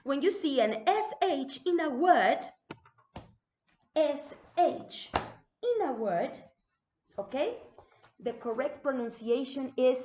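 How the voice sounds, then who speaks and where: Slow, lively-pitched woman teacher. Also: lo-fi sound. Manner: slow, careful enunciation of words; repeats words for students. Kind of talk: spelling dictation lesson.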